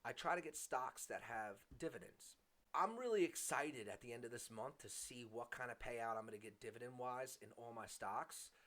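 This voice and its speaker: A man's voice: medium pitch, animated, normal speed, fairly bright tone. A man talking casually to his viewers in a chatty vlog style, with lots of fillers and some self-mocking humor. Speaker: vlogger.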